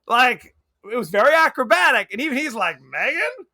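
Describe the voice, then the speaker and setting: A man's voice: very high-pitched, animated, a little fast, bright, forceful tone. A man co-hosting a podcast, chatting casually and animatedly about a movie, often laughing and acting out lines. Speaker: podcast co-host.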